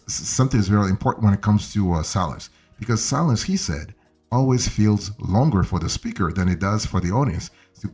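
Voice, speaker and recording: Older male voice coach in his seventies, low and husky, chatty teaching, soft music under. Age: 70s. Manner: conversational, repeats and restarts phrases, coaxing "okay?". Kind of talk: casual instructional talk.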